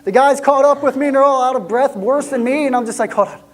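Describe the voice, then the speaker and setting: A man with a very high voice talks fast as he acts out an excited young shepherd in a church monologue spoken in the first person. Lively and chatty at first, he then lowers to hushed tones.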